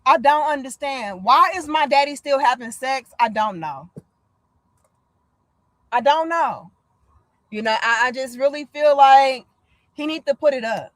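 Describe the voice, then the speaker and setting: A woman's voice: high voice, measured pace, pauses often, no echo. A woman in her thirties, from the United States, hosting a casual livestream chat, blunt and profane, telling stories with lots of energy. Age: 30s. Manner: blunt, profane, animated storytelling. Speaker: livestream host.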